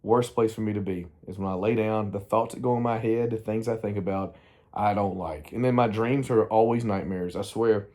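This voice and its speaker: A man's voice: on the low side, moderate pace, warm tone. Rambling middle-aged man with a drawl. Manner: candid, meandering, self-interrupting. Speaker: vlogger. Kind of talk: rambling personal vlog.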